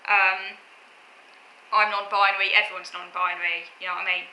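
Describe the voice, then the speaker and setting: A woman's voice: mid-range voice, level tone, moderate pace, bright, forceful tone, a little hiss or hum. A woman vlogger earnestly explaining her views, talking in short, restarted phrases. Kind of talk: explaining opinions to camera. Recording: echoey room with faint ambience.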